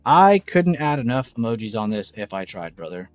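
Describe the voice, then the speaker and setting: A young man hosting a casual live trading stream, excitable and gushing, swearing freely. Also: medium pitch, moderate pace, few pauses, no room sound. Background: faint background music.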